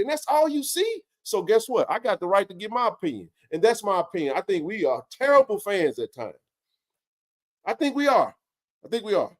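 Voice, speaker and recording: A man with a notably high-pitched voice hosts a casual sports talk show. He rants with passion and swears freely, pressing his points hard. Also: very animated, normal speed. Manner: impassioned, ranting, swears freely.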